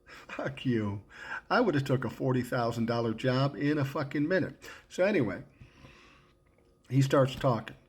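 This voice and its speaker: A man's voice: lively intonation, normal speed, pauses often, darkish tone, slightly rough. An older man in his sixties spins a yarn in a loose, casual way. He swears freely and talks bluntly, and his voice jumps up when he acts out what he said back then. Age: 60s. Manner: blunt and profane, acting out his own past lines with rising pitch. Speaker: storyteller recalling his radio career. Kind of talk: casual spoken storytelling.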